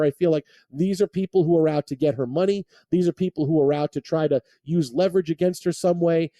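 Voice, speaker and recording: A man's voice: fairly high pitch, a little fast, few pauses, dark tone, no room sound, studio quality. A man hosting sports talk radio, rambling and often restarting his sentences. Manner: rambling, repeats words when restarting thoughts.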